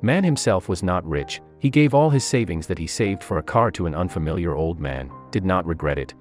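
A man with an extremely deep, low voice narrates a sentimental story in a steady, measured read. His delivery stays even and scripted from line to line, and soft music runs faintly behind him.

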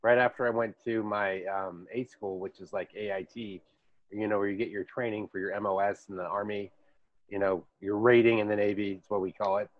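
A man's voice: fairly low pitch, fairly even intonation, brisk, no echo. A man hosting a podcast in casual chat, rambling through stories and laughing often. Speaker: podcast host. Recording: dull dry lo-fi recording.

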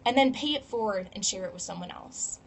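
A woman's voice: medium pitch, animated, brisk, creaky, husky. A woman vlogger giving an earnest, casual motivational talk to camera and acting out voices when she tells a story. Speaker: fitness coach and vlogger.

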